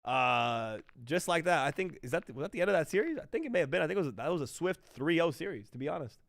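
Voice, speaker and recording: A man casting an esports match on a livestream in a relaxed, chatty way, talking to his chat. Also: fairly high pitch, quick pace, creaky, dry recording. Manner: laid-back, chatty, apologetic about the stream. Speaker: esports caster. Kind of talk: casual livestream commentary.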